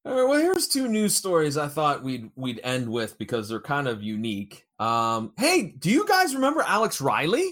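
A man hosting a casual podcast, chatting about wrestling news and jumping between loud and quiet remarks. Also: a little high, wildly swooping pitch, moderate pace, few pauses. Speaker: podcast host.

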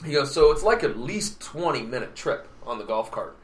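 A man's voice: mid-range voice, very animated, moderate pace. A man in casual chat, telling a story animatedly and acting out the quotes.

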